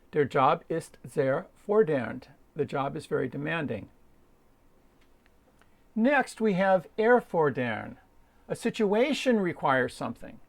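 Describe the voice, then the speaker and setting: A man's voice: fairly high pitch, gravelly. An older man, a native English speaker, teaching vocabulary in a wry, self-deprecating, methodical way. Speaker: language learner and teacher. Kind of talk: explanatory video lesson.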